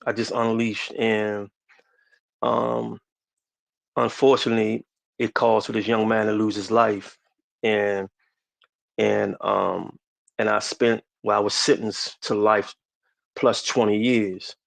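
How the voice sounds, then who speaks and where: A man in his forties from the DC area, a podcast guest telling a personal story slowly and haltingly, with many restarts. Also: lowish voice, level tone, vocal fry, no room sound. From DMV area, US.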